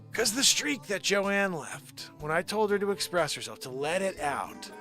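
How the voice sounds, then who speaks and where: A man hosting a live improv comedy show, rambling with giggles and sudden shouted bursts. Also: high voice, sing-song, moderate pace, hardly any pauses, soft background music.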